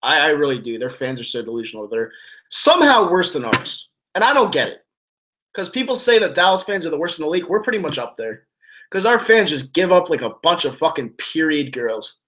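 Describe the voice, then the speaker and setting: Answering his live chat, a football-fan streamer vents with a slightly high, sing-song, fairly quick and somewhat bright voice. He's enraged and foul-mouthed, wandering through his commentary with frequent false starts.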